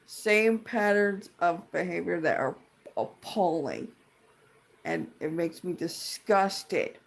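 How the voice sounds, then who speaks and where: A fed-up tenant vents about a dispute in a casual vlog, her indignant rant full of profanity and tangents. She speaks slowly in a fairly low, gravelly voice.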